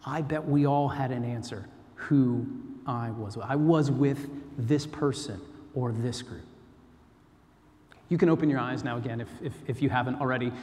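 A man's voice: mid-range voice, normal speed, a little mellow. American male preacher, conversational storyteller, mid-range voice, echoing big hall. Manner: chatty, self-deprecating, storytelling. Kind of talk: informal sermon. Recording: long hall reverb.

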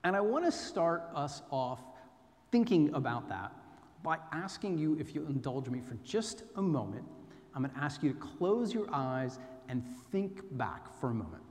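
A man's voice: a little high, very animated, moderate pace, a little mellow. A man with an American accent giving a chatty, self-deprecating sermon and telling a personal story. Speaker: preacher. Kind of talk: informal sermon. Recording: long hall reverb.

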